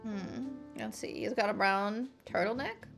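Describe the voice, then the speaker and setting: Woman streamer chatting playfully, slow talker, gravelly, faint music behind. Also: mid-range voice. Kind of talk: casual game stream chat.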